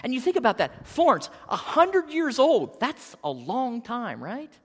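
A pastor in their fifties preaching a sermon in an earnest, animated way, often repeating words. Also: medium pitch, unhurried, slightly rough, long reverb tail. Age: 50s.

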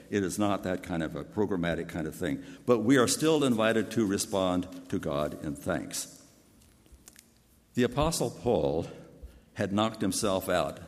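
Older male preacher, big deep voice, earnest storytelling sermon, reverberant hall. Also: darkish tone. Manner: earnest, personal storytelling with restarts.

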